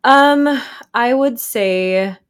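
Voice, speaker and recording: Guesting in a casual interview, a therapist and author in her thirties reflects aloud with lots of fillers and soft laughs. Her voice is fairly high and smooth, and she draws out her words.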